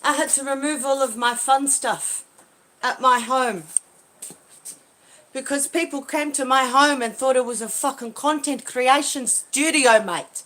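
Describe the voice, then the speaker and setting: A woman ranting angrily and swearing as she films a phone livestream outdoors in a backyard, swinging between loud outbursts and low mutters. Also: unhurried. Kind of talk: agitated livestream rant. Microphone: handheld phone.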